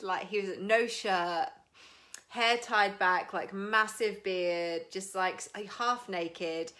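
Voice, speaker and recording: A woman's voice: mid-range voice, sharp tone. A British woman hosting a casual live stream, chatting frankly, swearing freely and greeting viewers by name. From Britain.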